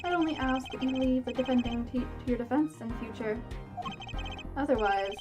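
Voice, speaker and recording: A woman reading the lines of a polite, smooth senior defense lawyer, formal and faintly condescending. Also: sits high, a little fast, distant mic, lightly acted. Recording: game music playing behind.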